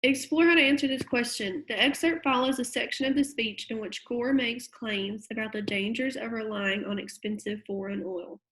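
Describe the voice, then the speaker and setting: A woman teacher talks through a recorded English lesson, reading a passage and then unpacking it for her students. Her voice sits a little high and carries a noticeable gravelly fry. She keeps it patient and conversational, with plenty of ums along the way. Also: fairly bright tone, a little hiss or hum, rough recording. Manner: patient, conversational, with frequent fillers. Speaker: middle school English teacher. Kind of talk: recorded online lesson, reading aloud and explaining.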